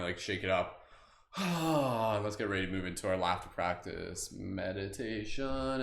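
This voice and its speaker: A man's voice: mid-range voice, slight background noise. Man guiding meditation in an echoey room. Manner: loose, rambling, slips into silly asides. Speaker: meditation host. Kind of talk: live-streamed guided meditation. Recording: roomy echo.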